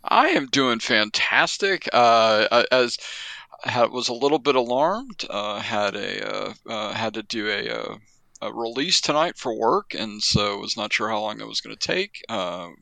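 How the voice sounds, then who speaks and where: Gravelly bright guy, lively pitch, stops and starts with uhs. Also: dry recording. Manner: halting, full of uhs, self-deprecating. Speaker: podcast panelist. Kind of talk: casual chat.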